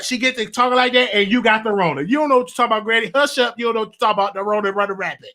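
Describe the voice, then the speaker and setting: A man hosting a casual monologue, animated, stammering and repeating himself. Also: high-pitched, rapid-fire, few pauses. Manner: animated, repetitive, stammering restarts. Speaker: show host.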